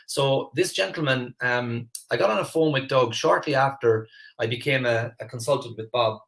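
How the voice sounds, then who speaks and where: A man hosting a live online masterclass as a mentor, earnest and animated, often repeating words as he starts a phrase. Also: mid-range voice, normal speed, vocal fry. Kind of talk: live online coaching class.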